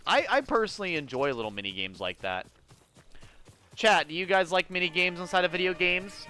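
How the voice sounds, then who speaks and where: A young man streaming a video game, chatting casually with his viewers, excitable and quick to swear. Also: high voice, soft background music. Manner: excitable, swears often, talks to chat. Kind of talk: casual live-stream commentary.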